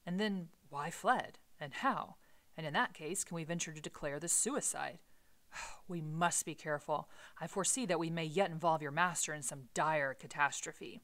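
Woman reading a grave careful old-style lawyer guy, steady and earnest, lowish voice. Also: normal speed. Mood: grave, urgent. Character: solemn middle-aged male lawyer, cautious.

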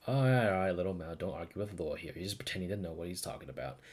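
A gruff middle-aged uncle who teases the youngsters, read aloud by a man. The voice sits low and rumbling with a lively swing between lines. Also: very fast. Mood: fond.

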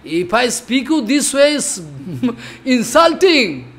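A man's voice: very high-pitched, sing-song, takes it slowly. An older man giving a devotional discourse, chanting verses and explaining them with repeated emphatic phrases. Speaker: spiritual teacher.

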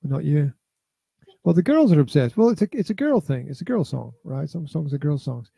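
A man's voice: on the high side, very animated, normal speed, gravelly, warm tone, breathy edge, dry recording. A middle-aged father chatting casually as a podcast co-host, rambling and repeating his words with hesitant fillers. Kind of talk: casual chat reviewing a VR game.

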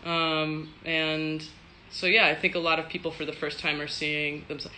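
A woman's voice: deep voice, flat delivery, moderate pace, bright, forceful tone, a little hiss or hum. A woman from Texas, an actor, answering fan questions in a loose, chatty live stream, swearing freely and laughing often. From Texas, USA.

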